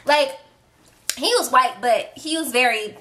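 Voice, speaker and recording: A woman's voice: sits high, a little slow. A young adult woman vlogger telling a story to camera in a casual, chatty way, talking straight to her viewers. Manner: animated, chatty storytelling, addressing viewers directly.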